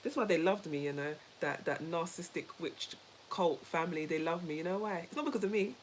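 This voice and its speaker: A woman co-hosting a casual chat, telling a story in an animated, emphatic way, repeating herself and laughing easily. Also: lowish voice, fast, slight background noise, low-quality recording. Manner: laughs easily while talking. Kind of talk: casual chat with a co-host and viewers.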